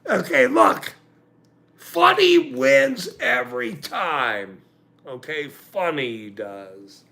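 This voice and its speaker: A man with a very gravelly, bright edge rants on his livestream. He talks in a slow drawl while his pitch leaps high and drops low, and he swears and laughs through his points as he reacts to the chat. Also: sing-song. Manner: profane, laughing, insistent. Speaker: livestream host. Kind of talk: casual livestream rant.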